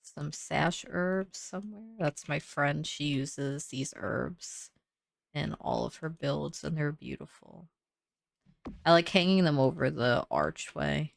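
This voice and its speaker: Low gravelly young woman chatting. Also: slow pace. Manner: chatty, thinks aloud with many "like"s. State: sleepy, yawning. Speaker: gaming creator building in a life sim. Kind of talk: casual build commentary.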